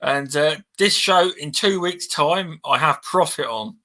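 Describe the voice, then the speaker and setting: A man hosts a casual gaming podcast, thanking guests one by one. His voice is bright and a touch high. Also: measured pace. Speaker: podcast host.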